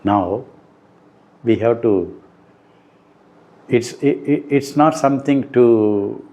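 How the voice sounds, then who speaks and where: A middle-aged man, giving a slow, deliberate spiritual talk that turns emphatic on key points. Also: medium pitch, a little mellow. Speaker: spiritual teacher. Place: room indoors.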